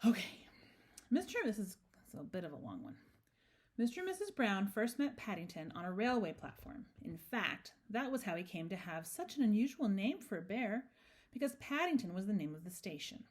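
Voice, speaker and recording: A woman's voice: mid-range voice, big pitch swings, fairly quick, slightly rough. A woman hosting a storytime, reading a picture book aloud with chatty, playful asides. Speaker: storytime host.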